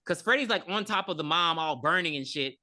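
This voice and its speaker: Expressive man podcast host. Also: on the high side, brisk. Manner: blunt, joking, swears freely. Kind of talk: casual chat recapping a horror film.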